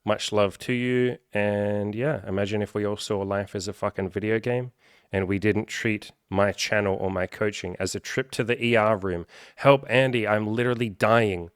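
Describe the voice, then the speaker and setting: A man coaching viewers in a casual, animated vlog, swearing freely and acting out the people he quotes. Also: fairly low pitch, normal speed, clean tone, dry recording, studio quality. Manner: profane, animated, acts out quoted voices. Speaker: self-improvement coach. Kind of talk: casual direct-to-camera vlog.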